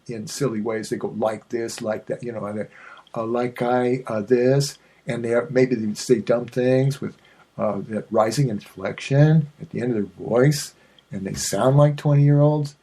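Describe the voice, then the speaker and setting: Rambling husky-voiced man hosting a podcast. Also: mid-range voice, measured pace, warm tone. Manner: digressive, self-mocking, with many fillers and restarts. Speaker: podcast host. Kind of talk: rambling solo podcast chat.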